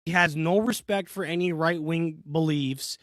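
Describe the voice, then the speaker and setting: A man's voice: on the high side, normal speed, fairly bright tone, no echo, clean studio sound. A man co-hosting a casual podcast chat, rambling with lots of filler words. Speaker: podcast co-host.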